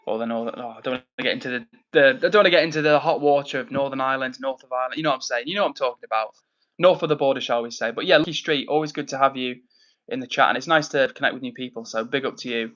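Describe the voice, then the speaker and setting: A man from near Manchester, England, runs a casual livestream from his home, reading chat messages aloud and answering them. He's friendly and upbeat, rattling along rapidly in a mid-range voice with lots of fillers and shout-outs, on lo-fi audio.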